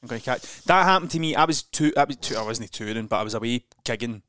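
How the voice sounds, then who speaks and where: A man with an Ayrshire Scottish accent, a podcast co-host in casual chat, laid-back, sweary and quick to laugh. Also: medium pitch, expressive, pushed and bright, smooth. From Ayrshire, Scotland.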